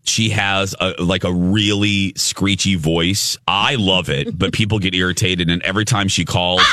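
A man with a low, bright voice hosts a morning radio show from a studio. He chats casually and tells stories with animation, laughing often. The sound is close and dry, with no room around it. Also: steady tone, moderate pace, no room sound. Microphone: studio microphone.

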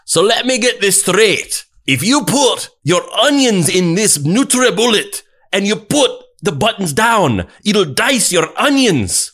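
A man voicing an incredulous Scottish male TV interviewer, asking drawn-out questions in disbelief. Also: sits high, big pitch swings, a bit bright, voice pushed up, full character voice. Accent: put-on Scottish.

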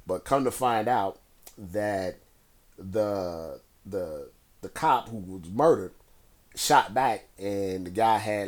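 A man with a somewhat low voice talks through current events on his own. He rambles in a relaxed, conversational way, with plenty of fillers and restarts. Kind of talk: casual solo commentary.

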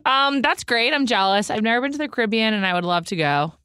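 A woman's voice: a little high, lively intonation, quick pace, pushed and bright, clear, resonant tone, no echo, studio quality. A woman from the United States chatting cheerfully as co-host. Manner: bubbly, cheerful. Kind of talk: casual chat.

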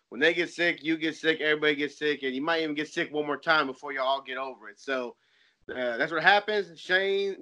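A man's voice: fairly high pitch, pushed and bright. A man in his forties hosting a podcast, chatting casually and rambling through loose stories. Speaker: podcast host. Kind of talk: casual chat.

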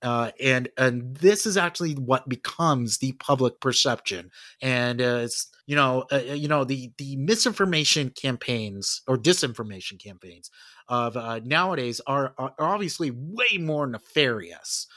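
A man hosting a podcast, talking through history in relaxed chat that is full of fillers and restarts. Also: medium pitch, normal speed, dry recording, studio quality. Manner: conversational, many fillers and restarts. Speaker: podcast host.

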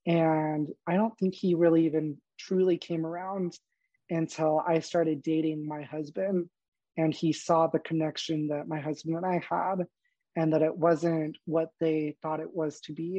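A man's voice: fairly high pitch, normal speed, dry recording, dull audio. A young man, a podcast guest, telling personal stories candidly, laughing often and acting out the dialogue. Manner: animated, laughs often, acts out quoted dialogue. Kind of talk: candid storytelling interview.

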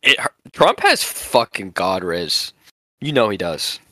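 A man's voice: low-pitched, takes it slowly, no echo. A man co-hosting a casual podcast, ranting loosely and swearing often. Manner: profane, animated ranting. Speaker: podcast co-host. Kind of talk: casual banter.

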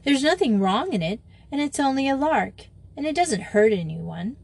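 A woman's voice: high-pitched, very animated, moderate pace, gravelly, darkish tone, pitched above the performer's own voice, heavily acted. A mischievous twelve-year-old girl, as a woman reads her, offhand and unbothered. The voice stays close to the reader's own in a storybook reading.

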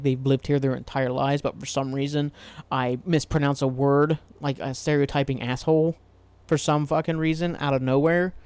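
A man from Ohio rambles through his solo podcast, cursing casually and chuckling at his own tangents. His voice sits slightly higher than most men's. The sound is dry and close, with no room echo. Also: darkish tone. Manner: rambling, swears freely, laughs at himself. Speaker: podcast host.

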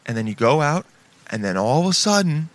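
A man's voice: on the high side, sing-song, fairly quick, heavy background noise. A man in his late twenties giving casual reaction commentary, swearing often and saying "dude" all the time. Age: late 20s. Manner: laid-back, swears often, says "dude" constantly. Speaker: video reactor. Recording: music playing behind the voice.

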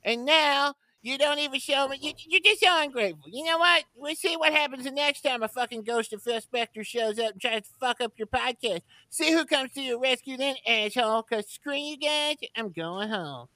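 Man doing boastful aging male rock star, swearing, high voice, dry sound. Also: moderate pace, hardly any pauses, sharp tone, dry recording, full character voice. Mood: resentful. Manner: indignant, swearing, ranting. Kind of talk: prank phone call impression.

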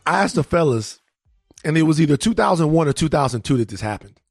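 A man from Louisiana tells a story on a podcast, animated and profane, with lots of stammered restarts. His voice sits a bit high for a man, and the recording is dry and close. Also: quick pace, no room sound. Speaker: podcast co-host. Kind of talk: casual storytelling chat.

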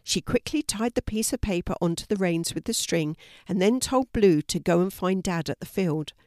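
A woman's voice: fairly low pitch, normal speed, no room sound, clean studio sound. Grandmotherly woman reading a children's story. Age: older. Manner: calm, clear, gentle narration.

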